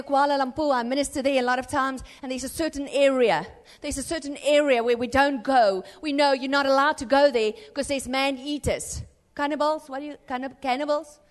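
Woman preacher, high voice, impassioned sermon, church reverb. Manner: impassioned, rising to urgent exhortation and dropping to hushed tones.

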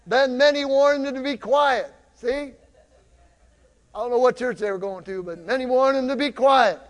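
A male pastor preaching a lively sermon in a church, drawing the congregation into call-and-response. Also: very high-pitched, moderate pace, big-room sound. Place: church sanctuary.

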